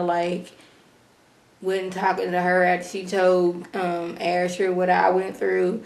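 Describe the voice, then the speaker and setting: A woman recapping a TV episode in an animated, slangy way, acting out characters as she goes. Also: on the low side, roomy sound. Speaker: TV episode reviewer. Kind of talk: casual TV recap vlog.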